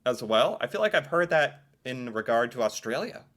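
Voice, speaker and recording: An American man giving casual reaction commentary in an excitable, playful way, with an American accent. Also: mid-range voice, moderate pace. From United States. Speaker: reaction video creator.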